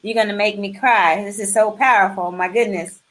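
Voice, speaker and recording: A woman's voice: mid-range voice, fairly even intonation, normal speed, fairly bright tone. A woman hosting a live online interview, encouraging her guest and reading viewer comments aloud. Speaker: talk show host.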